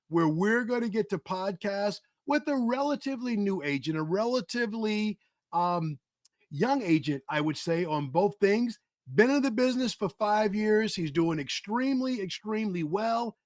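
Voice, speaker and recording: A man hosting a live podcast, energetic and emphatic, repeating phrases for effect as he welcomes viewers and interviews a guest. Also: sits high, moderate pace, no room sound, clean studio sound. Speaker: podcast host.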